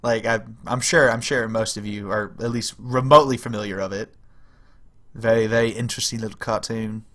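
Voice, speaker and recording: A man's voice: fairly low pitch, steady tone, fairly quick, a bit bright. A young man casually commentating his strategy game on a livestream, giggling often and rambling to his chat. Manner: giggly, rambling, chats with viewers. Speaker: streamer playing a strategy game.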